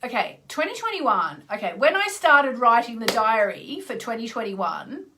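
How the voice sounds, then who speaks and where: A woman from Tasmania, chatting casually on a live stream as an astrologer, greeting viewers by name and clearing her throat now and then. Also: fairly high pitch, very animated, normal speed, noisy background. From Australia (Tasmania).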